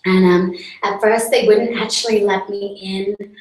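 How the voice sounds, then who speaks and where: A woman's voice: mid-range voice, flat delivery, unhurried, a little mellow. A young woman hosting a comedic live stream as a self-important celebrity, boastful and chatty with lots of "like" and mock outrage. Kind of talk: improvised character comedy monologue. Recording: roomy sound from a distance.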